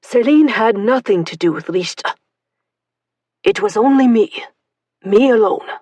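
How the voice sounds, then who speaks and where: A woman voicing a devoted, protective husband speaking in a hushed, urgent way. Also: medium pitch, slow, slightly rough, no room sound. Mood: pleading.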